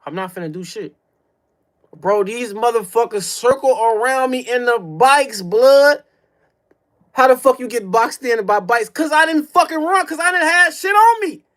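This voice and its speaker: A man's voice: very high voice, moderate pace, fairly bright tone. A young man telling a personal story on a livestream, in a profane, slang-heavy way with mouth sound effects. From Chicago. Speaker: streamer.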